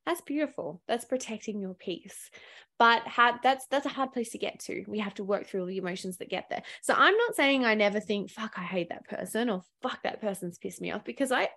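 A woman's voice: mid-range voice, expressive, a little fast, vocal fry, a bit bright. A woman, possibly, hosting a solo podcast, talking in a candid, earnest way with casual swearing and frequent laughs. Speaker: podcast host. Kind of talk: reflective solo podcast talk.

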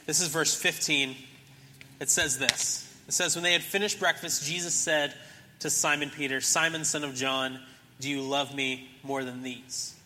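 A young man preaching to a church with a very bright, forceful voice that rides a little high for a man. He tells the story casually and acts out each character's lines. The long reverb of a big church sanctuary trails behind his words. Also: steady tone, normal speed, a little hiss or hum. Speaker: pastor. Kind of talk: sermon.

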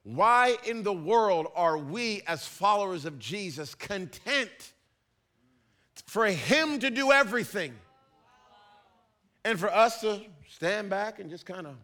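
A man preaching as a pastor, animated and acting out little scenes in put-on voices. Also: high-pitched, slow. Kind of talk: sermon.

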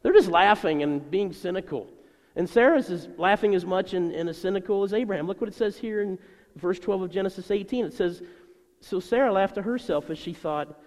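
A middle-aged male pastor preaching a sermon to his congregation in a conversational, animated way. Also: on the high side, fairly quick. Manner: conversational and animated, voicing people in his stories. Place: church sanctuary. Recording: long reverb of a large church hall.

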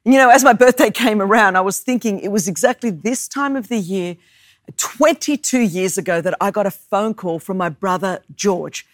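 A woman in her fifties from Australia, a guest preacher telling a personal story in an expressive sermon. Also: mid-range voice, moderate pace, dry recording, studio quality. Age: 50s.

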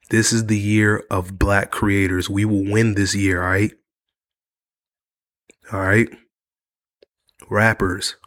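A man's voice: lowish voice, fairly bright tone. A man hosting his own podcast, talking earnestly and repetitively to camera while sick and worn out. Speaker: podcast host. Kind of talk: casual monologue to camera. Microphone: studio mic.

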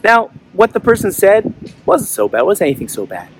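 An earnest man hosts an inspirational talk outdoors and tells a story, acting out its voices as he goes. His voice sits a little high and moves up and down a lot. A faint hiss of open air hangs behind him. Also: sing-song, moderate pace. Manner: earnest storyteller who acts out voices in the tale. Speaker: host of an inspirational talk show.

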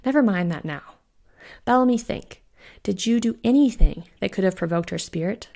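A quick-witted young witch, easily startled and given to sarcasm, as a woman reading aloud puts her on. Her pitch climbs when she is alarmed. The voice has a rough, gravelly edge, and it is part of a spooky audiobook. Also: lively intonation, dark tone. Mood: sarcastic.

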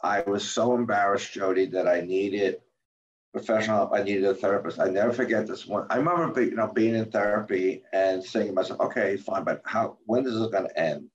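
An older man speaking as a guest about his life, halting and repeating words, acting out quoted lines in a livelier voice. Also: fairly low pitch. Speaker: guest, author and former medical center president. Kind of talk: candid interview talk. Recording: dull roomy remote recording.

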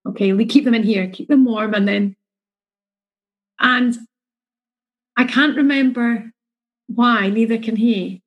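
Husky mother telling a story. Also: a little high, a little slow, long pauses, highs cut off. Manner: chatty, emotional, acts out quotes. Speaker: mother sharing her story. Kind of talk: casual storytelling.

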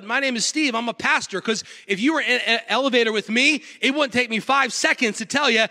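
A man, a pastor, preaching a sermon and telling the story in a lively way, often asking the congregation for an amen. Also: very high-pitched, big-room sound.

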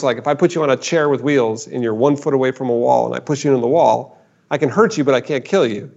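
Man telling a story on a dull recording. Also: a little high. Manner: animated, repeats words, acts out quotes. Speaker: guest expert. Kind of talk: storytelling in a podcast conversation.

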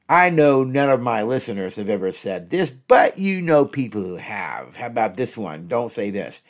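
A man's voice: mid-range voice, big pitch swings, normal speed, hardly any pauses. A man hosting an instructional podcast, talking straight to his listeners as folks and repeating each example phrase twice. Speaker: podcast host and relationship coach.

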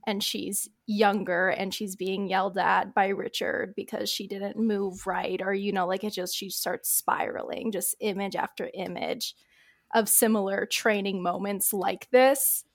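A woman's voice: mid-range voice, little pitch movement, unhurried, creaky. A woman playing a tabletop role-playing game who describes her character's actions in a rambling way, full of fillers. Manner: rambling, lots of fillers like "like" and "I think". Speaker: player.

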